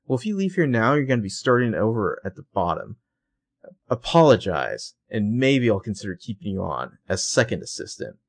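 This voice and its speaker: A condescending fashion-designer boss woman, cutting and demanding, as a man reads her lines aloud in a recap chat, her lines swinging up and down in pitch. She sounds bossy and dismissive toward her assistant. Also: sing-song, brisk.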